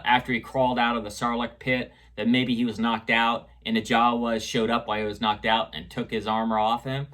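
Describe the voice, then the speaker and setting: A man's voice: mid-range voice, sharp tone. A man reviewing an episode in casual chat, rambling with fillers and restarts as he retells scenes. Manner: retells scenes and echoes quotes. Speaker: show reviewer.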